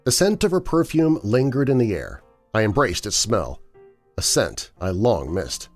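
A low-voiced man reads a first-person horror story in a measured, dramatic way. His pitch moves a lot, rising and falling with the tension. Faint music plays behind him. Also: big pitch swings. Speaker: narrator. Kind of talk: scripted horror story narration. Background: faint background music.

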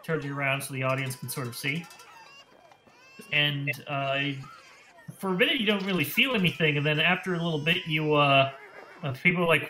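A man's voice: a little high, brisk, pauses often, bright, forceful tone, rough recording. A man narrating as dungeon master in a casual tabletop game session.

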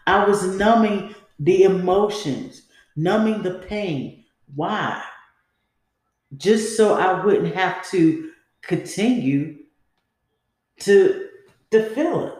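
A woman's voice: medium pitch, slow, pauses often, darkish tone. Candid woman talking in a very echoey room. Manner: candid, conversational, rambling. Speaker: podcast host. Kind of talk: personal storytelling monologue.

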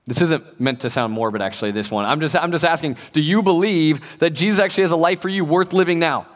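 A man's voice: on the high side, fast talker, long reverb tail. A young man preaching a casual sermon to a youth group, chatty and joking, acting out the voices he quotes. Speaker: pastor.

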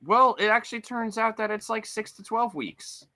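A man co-hosting a podcast in casual chat, animated and swearing, jumping into high voices when he quotes people. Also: normal speed, dry recording. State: limping with a foot injury. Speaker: podcast co-host.

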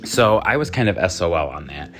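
A man's voice: sits low, big pitch swings, a little fast, fairly bright tone, soft background music. A man who works as a psychic medium, telling a story in a chatty, rambling way full of fillers. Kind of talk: casual storytelling.

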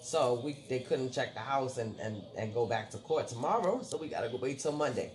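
A man's voice: mid-range voice, expressive, brisk. A man in casual conversation, retelling a court hearing in a rambling way, often quoting what others said. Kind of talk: casual chat.

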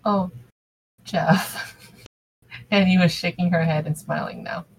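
A woman's voice: lowish voice, fairly even intonation, normal speed, creaky, rough recording. A woman narrating a fan fiction story aloud in a casual way, with small slips and restarts. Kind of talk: amateur story reading.

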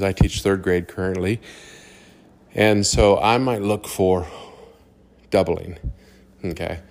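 A man's voice: deep voice, darkish tone. A man who teaches third grade, talking casually about classroom methods in a loose, rambling way with plenty of fillers.

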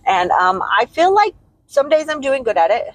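A woman from the United States with a fairly high, husky voice co-hosts a podcast in loose, casual chat. She talks bluntly and with emphasis, dropping swear words freely. Her voice sounds close and dry, with no room around it. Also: big pitch swings, moderate pace, no room sound. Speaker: podcast co-host.

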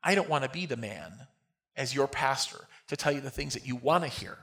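A man preaching a sermon as pastor, emphatic, moving between loud declarations and quiet, close talk. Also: mid-range voice, expressive, fairly quick.

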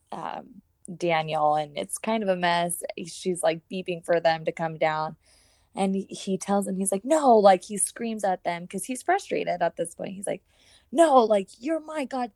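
A woman talking about a film in an animated, chatty way, laughing often as she retells scenes. Her voice sits a bit low and sounds close and dry. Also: creaky, no room sound. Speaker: podcast co-host. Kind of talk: casual chat.

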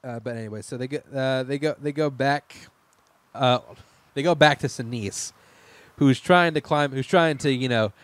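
A man's voice: medium pitch, moderate pace, dry recording. Rambling man recapping a show, dry mic. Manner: rambling, laughing, with frequent restarts. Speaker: podcast co-host. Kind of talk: casual chat recapping a TV miniseries.

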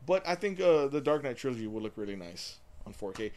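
A man's voice: mid-range voice, sing-song, fast, a little mellow. A man co-hosting a casual chat show, rambling with many restarts and frequent laughter. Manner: rambling, laughs often, repeats words. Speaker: podcast co-host.

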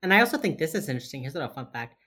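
A woman co-hosting a podcast, casually recapping a TV episode, swearing freely and retelling scenes in quick quoted bits. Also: deep voice, sing-song, fairly bright tone. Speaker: podcast co-host.

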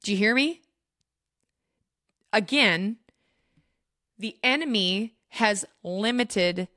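A woman's voice: medium pitch, a bit bright, no room sound. Woman podcast host, faith teaching, earnest and direct, dry booth-like sound. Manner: earnest, emphatic, addresses listeners directly.

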